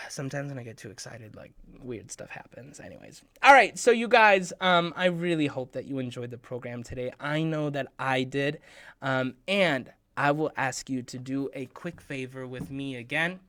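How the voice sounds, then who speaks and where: A man hosting a children's program, talking straight to the kids in a playful way, sometimes dropping to a hushed half-whisper. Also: normal speed, dry recording. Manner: playful, bursts into excited high shouts. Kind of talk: talk to children.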